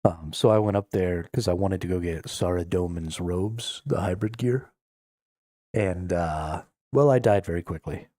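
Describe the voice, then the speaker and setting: A man streaming a game live, giving relaxed, joking commentary with a wry edge. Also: low voice, unhurried, no room sound, studio quality.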